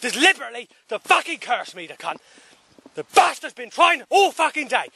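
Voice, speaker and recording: Furious man shouting very high and gravelly. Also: big pitch swings, normal speed, no room sound. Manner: furious, yelling, heavy swearing. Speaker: vlogger. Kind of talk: shouted rant.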